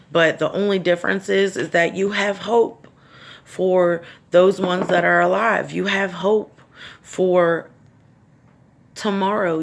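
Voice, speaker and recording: Raw, tearful and profane, a middle-aged woman speaks from the heart in an emotional personal vlog about grief, fighting back tears. She has a fairly low voice with vocal fry and a slightly bright tone.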